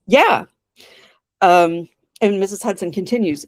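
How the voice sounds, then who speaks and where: Casually retelling a drama episode scene by scene, a female podcast co-host voices its lines with lively quotes and laughter. She speaks at a moderate pace in a medium-pitched voice, and there's no room sound.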